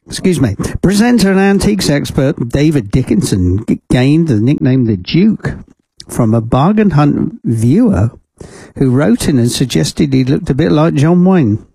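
A man's voice: a little high, very animated, unhurried, gravelly, warm tone, slightly rough, no echo. A man presenting a community radio show from the studio, chatting casually and rambling with fillers and amused laughs. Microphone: studio microphone.

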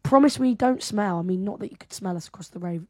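A woman's voice: mid-range voice, quick pace, a crowd in the background. A woman co-hosting a morning radio show in a bubbly, teasing, upbeat presenter style. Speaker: radio co-host. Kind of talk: breakfast radio chat.

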